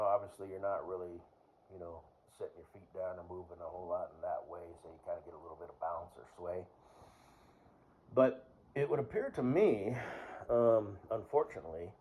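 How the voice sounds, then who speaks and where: A man talking in a rambling, casual monologue to the camera, full of fillers and throat clearing. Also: low voice, a little mellow. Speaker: vlogger.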